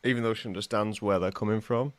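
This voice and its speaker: A man's voice: on the low side, fairly even intonation, fast, no echo. A man co-hosting a podcast in wry, playful chat. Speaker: podcast co-host. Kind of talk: casual chat.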